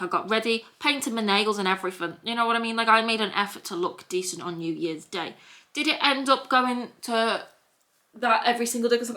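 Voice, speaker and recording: A woman's voice: mid-range voice, bright, forceful tone. A young woman with a Scouse accent, telling a story at home in a rambling, repetitive vlog chat. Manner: rambling and repetitive, piling up restarts. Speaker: vlogger. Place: at home, sitting in a hoodie.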